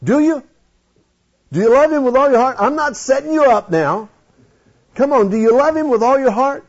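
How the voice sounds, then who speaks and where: A man preaching a folksy, animated sermon in church, questioning his congregation. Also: very high-pitched, normal speed. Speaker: pastor. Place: church sanctuary. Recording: dull lo-fi sound.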